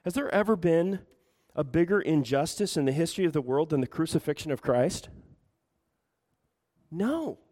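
A man's voice: fairly high pitch, animated, normal speed, long pauses, a little mellow. A man preaching a sermon as pastor, asking the room rhetorical questions and acting out quoted voices. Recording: reverberant hall.

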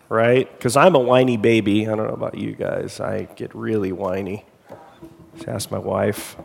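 Gravelly-voiced pastor in a reverberant hall. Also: male voice, on the low side, steady tone, a little slow. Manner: casual, self-deprecating, loose with fillers. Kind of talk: sermon and Bible reading.

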